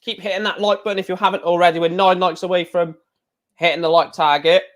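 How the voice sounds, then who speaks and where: A man giving casual live reaction commentary on a darts match, chatty and excitable, with hiccups. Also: high-pitched, fast. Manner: excitable, chatty, sings along with crowd chants.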